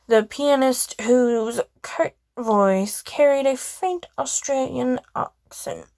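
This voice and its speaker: A woman reading a first-person game story aloud, expressive, with casual asides. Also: high voice, slow, no echo.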